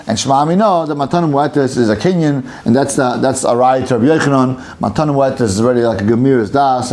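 Man leading a casual Talmud study. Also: fairly high pitch. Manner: reads Aramaic text aloud and explains it in English; acts out the case with lively back-and-forth.

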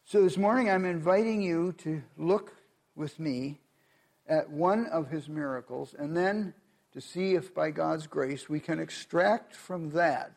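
A male pastor delivering a sermon in a slow, deliberate cadence. His voice carries a gravelly edge and sits a little higher than most men's. He reads scripture and presses his points with earnest emphasis. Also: a little mellow. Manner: earnest, measured preaching with emphatic rises.

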